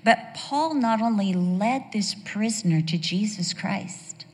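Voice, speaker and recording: Lady preaching slow n emphatic, kinda playful, big echoey hall. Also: mid-range voice, a little mellow. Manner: emphatic, slows for key phrases, playful asides. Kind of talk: sermon.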